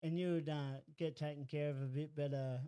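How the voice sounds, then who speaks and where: Casting: male host, higher mellow voice, dry close sound, quick prompts. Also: steady tone, clean tone, dry recording. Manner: short prompts, laughs a lot. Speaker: podcast host. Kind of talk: casual interview.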